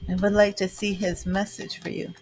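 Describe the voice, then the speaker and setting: A woman's voice: mid-range voice, level tone, normal speed, a little mellow, slight background noise. Reassuring woman doing a live psychic stream. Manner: reassuring, chatty, answers viewer comments. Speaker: psychic reader. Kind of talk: live-stream tarot reading.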